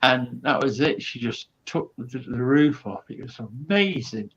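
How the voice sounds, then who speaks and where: A man's voice: mid-range voice, unhurried, a bit bright, slightly rough, highs cut off. A man, a guest comedian, telling a rambling backstage anecdote full of quoted asides and fillers.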